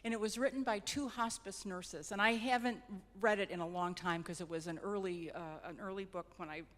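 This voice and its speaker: A woman facilitates a grief support group in a reflective, gentle way. She returns to phrases for emphasis. Her mid-pitched voice carries a long reverb from a church hall. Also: steady tone, brisk.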